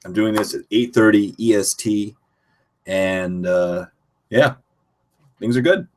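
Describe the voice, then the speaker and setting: Young man, from Canada, lowish voice, casual live-stream host, reads chat aloud and answers it, at his home computer. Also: takes it slowly.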